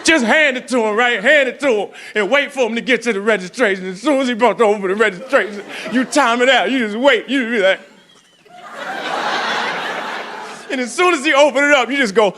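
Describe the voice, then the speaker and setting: A man doing a loud, animated stand-up set, full of sound effects and put-on voices. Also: very high-pitched, moderate pace, background noise. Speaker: stand-up comedian. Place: comedy club stage. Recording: live club with crowd laughter.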